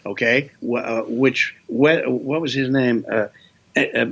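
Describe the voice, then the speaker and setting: An older man, a voice actor guest, telling lively anecdotes in an interview with playful voice bits. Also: medium pitch, unhurried, vocal fry, highs cut off.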